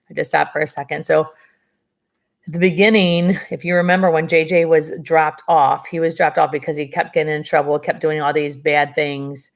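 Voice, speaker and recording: A woman reads a novel aloud in a lower-set voice and stops now and then for casual, chatty asides. Her remarks are dry and sarcastic. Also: gravelly. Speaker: reader of a novel. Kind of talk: reading a book aloud with commentary.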